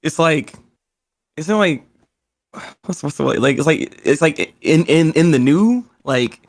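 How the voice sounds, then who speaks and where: Stammery laughing guy cohost, gravelly voice, dry mic. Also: fairly high pitch, animated, measured pace, no echo. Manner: stammering, repeats words, laughs often. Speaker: podcast co-host. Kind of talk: casual chat.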